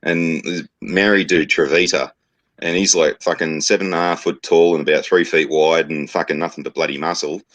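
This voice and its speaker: Very deep Australian man telling crude jokes. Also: fairly even intonation, fairly quick, fairly bright tone. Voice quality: deep, profane, laid-back Aussie slang. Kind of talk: casual crude joke-telling chat.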